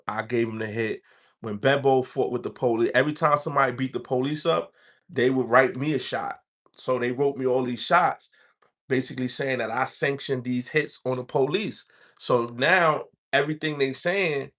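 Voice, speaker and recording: A man's voice: mid-range voice, fairly bright tone. A man, telling his own story in loose street slang. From New York. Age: 40s. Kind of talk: casual storytelling.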